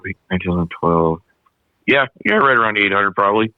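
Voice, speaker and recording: A man with a lowish voice tells a long, animated story over a podcast mic, loose and slangy, often doubling back on his own words. The sound is dull and dry, with no room around it. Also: fairly quick, no echo. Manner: animated, slangy, repeats himself. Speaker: podcast guest, snowmobile racer. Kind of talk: casual storytelling.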